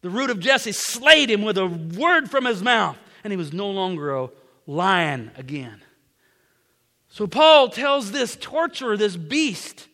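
A male preacher tells a story in a high, bright voice. He repeats phrases and drops to a whisper for emphasis. His voice echoes through a large hall. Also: big pitch swings, slow pace. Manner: dramatic, repeats phrases, swings from whispers to loud. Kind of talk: sermon storytelling.

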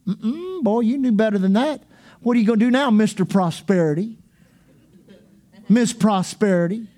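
A man's voice: sits high, expressive, moderate pace, dark tone, pitched below the performer's own voice. A man voicing a gloating male devil who taunts a believer with mocking questions. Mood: taunting.

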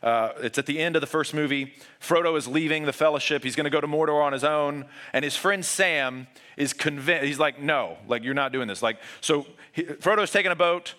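A man preaching a sermon as pastor, earnest, moving between raised urgent passages and hushed, low emphasis. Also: fairly quick.

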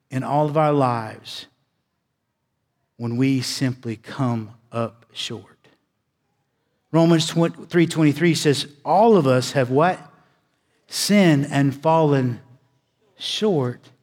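A male pastor delivering a sermon, with dramatic pauses, swinging from loud emphasis to hushed, low delivery. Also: big-room sound.

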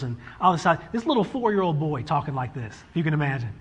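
Husky man telling a family story. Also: fairly high pitch, a little fast, hardly any pauses, highs cut off. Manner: animated, acts out his children's voices in quotes. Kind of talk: casual storytelling.

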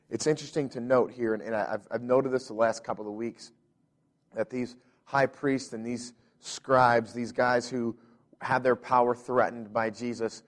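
Earnest male pastor preaching. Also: medium pitch. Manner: earnest, repeats words when stressing, rises in intensity. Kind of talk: sermon.

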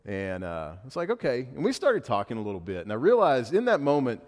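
A man preaches in a church, his voice carrying a long hall reverb. He keeps the sermon loose and joking, an easygoing storyteller at a middle pitch. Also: huge pitch swings, fairly quick. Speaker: pastor. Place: church sanctuary.

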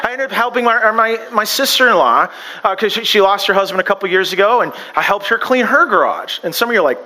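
A man delivers a sermon in a high voice, chatting with the congregation rather than orating. His tone is bright and forward, and he keeps tripping over his words and starting sentences over. He slips in small jokes and homespun stories as he goes. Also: lively intonation, quick pace, low-quality recording. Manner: conversational, joking asides and self-deprecating stories; stumbles and restarts often. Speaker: pastor.

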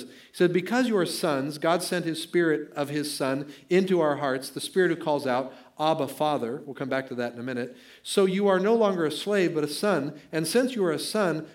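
A middle-aged man preaching a conversational, emphatic sermon as pastor in a church sanctuary. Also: a little high.

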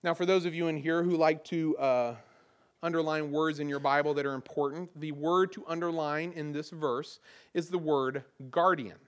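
A man's voice: a little high, steady tone, normal speed. A middle-aged man with a Southern American accent, preaching a conversational sermon and often repeating words as he restarts a phrase. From Southern United States. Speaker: pastor.

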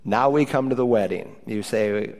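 A male pastor preaching a sermon in an animated way, often raising his voice for quoted hallelujahs and amens. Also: medium pitch, normal speed. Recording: reverberant church hall.

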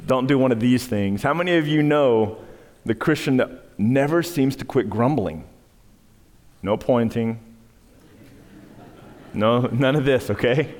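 A male pastor delivers a sermon at a middling pitch. His delivery swings from rising emphatic peaks to hushed storytelling, and the long reverb of a large hall trails every phrase. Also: a little slow, pauses often.

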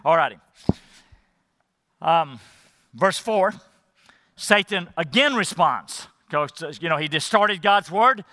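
A man's voice: a little high, animated, slow, long pauses, pushed and bright, no room sound, in a large hall. A male pastor preaching a sermon emphatically, appealing directly to the congregation.

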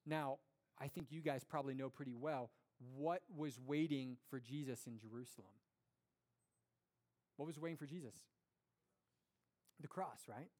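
A young man giving an earnest, conversational sermon to a congregation, with lively storytelling and rhetorical questions. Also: medium pitch, moderate pace, long pauses. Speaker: pastor.

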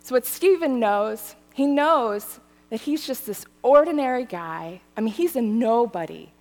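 A woman's voice: a little high, a little slow, in a large hall, soft background music. A woman preaching a sermon in a conversational way, often checking in with her listeners. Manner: animated, conversational, often asks the audience "right?" and "okay?". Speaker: pastor.

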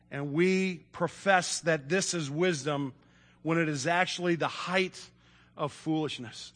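Bright high-voiced preacher in a reverberant hall. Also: male voice. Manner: folksy, animated, with fillers and repeated starts. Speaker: pastor. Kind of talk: sermon with read-aloud story. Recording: long reverb in a large room.

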